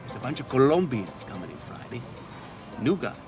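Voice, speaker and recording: An actor playing a male drug boss who gives brisk, commanding orders, in a film clip. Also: medium pitch, very animated, close to an everyday voice. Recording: film soundtrack clip with music.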